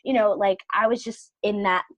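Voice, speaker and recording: In a dry, lo-fi recording, a middle-aged podcast guest with a mid-range voice speaks at a moderate pace, casually telling a personal story. She is animated and acts out the dialogue she quotes.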